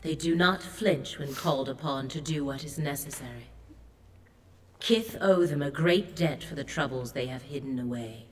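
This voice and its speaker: In this piece of game voice acting, an ancient sea goddess speaks gravely, solemn and commanding. Her voice is very low and heavy, and she delivers every word slowly and deliberately.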